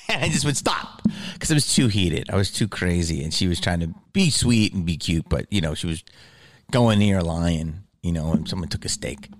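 A man's voice: low-pitched, expressive, moderate pace. A comedian talking casually about his own stage outburst, heated, rambling and profane. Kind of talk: reflective casual talk.

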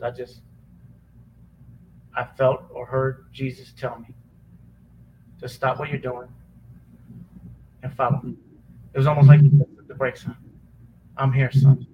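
The speaker is a podcast guest from the Chicago area who used to be a police officer, recounting something deeply personal. He speaks at an ordinary middle pitch, halting and earnest, with many restarts and pauses, and he sounds choked up. It's a low-quality recording with faint background hiss.

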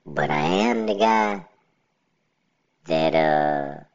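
A man hosting a casual solo podcast through a pitched-down robotic voice filter. He talks bluntly and rambles, often asking "you know what I'm saying". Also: extremely slow, vocal fry, lo-fi sound. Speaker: podcast host.

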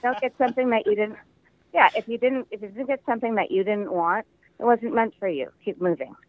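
Heard through a thin, tinny phone line, an older man from the American Midwest talks in a somewhat high voice. He is a chatty actor who tells stories with plenty of laughter, and the sound is close and dry. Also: brisk, dry recording. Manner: chatty storyteller, laughs often. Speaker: guest actor. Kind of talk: casual interview over the phone.

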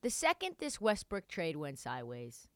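Animated woman talking sports, bright and dry. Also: low-pitched, moderate pace, dry recording. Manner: animated, swears, sarcastic asides. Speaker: sports commentator. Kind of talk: casual sports commentary.

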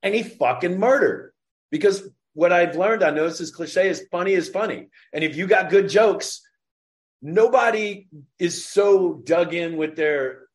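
Comedian guest, male, slight Indiana drawl, lively and profane, voice sitting a bit high. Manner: profane, animated storyteller. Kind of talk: casual podcast chat.

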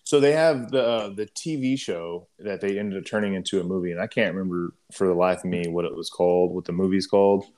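A man's voice: deep voice, fast, hardly any pauses, darkish tone. A man who is a military reservist, chatting casually and rambling with lots of fillers and some swearing. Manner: rambling, many fillers, profane. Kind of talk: casual podcast chat.

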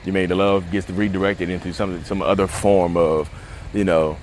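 Deep-voiced man vlogging outdoors. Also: level tone, moderate pace, slight background noise. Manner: rambling, conversational, many fillers. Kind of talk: casual talk to camera. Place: outdoors at the beach.

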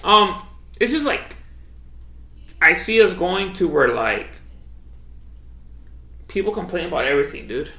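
A man's voice: high voice, very animated, unhurried, pauses often, pushed and bright. A young man co-hosting a podcast in casual chat, laid-back, swearing freely and saying "dude" all the time. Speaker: podcast co-host. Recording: echoey room.

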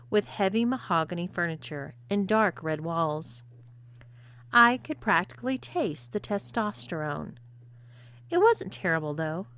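A woman reads an erotic story aloud from a script. Her tone is bright and crisp. She delivers it in a teasing, seductive way. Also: medium pitch. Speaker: audiobook narrator.

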